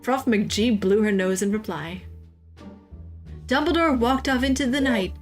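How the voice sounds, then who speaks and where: A woman's voice: fairly high pitch, animated, a little slow, soft background music. A woman streamer reading a slang parody of a children's book aloud, swearing and laughing at the text. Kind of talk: casual comic read-aloud.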